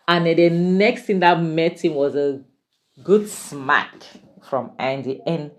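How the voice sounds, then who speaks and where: Low-voiced, chatty woman. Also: steady tone, takes it slowly. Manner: chatty and opinionated, with exclamations and asides. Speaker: drama reviewer. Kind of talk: casual spoken recap of a drama series.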